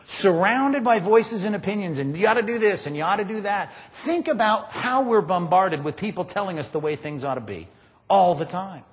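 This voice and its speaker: A man preaching a sermon, emphatic and animated, often asking his congregation rhetorical questions. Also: high voice, moderate pace, in a large hall. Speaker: pastor.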